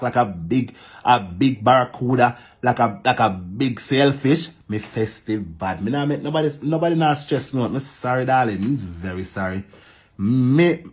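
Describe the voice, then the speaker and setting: A man with a Jamaican accent ranting to camera in patois, animated and repetitive, talking back to commenters. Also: mid-range voice. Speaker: social media vlogger. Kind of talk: casual ranting monologue to camera.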